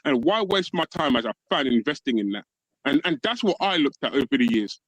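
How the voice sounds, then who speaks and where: Emphatic man with a lively voice. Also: mid-range voice, fairly quick, no echo, poor audio. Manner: emphatic, keeps calling others brother. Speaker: panelist. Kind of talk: livestream fan chat.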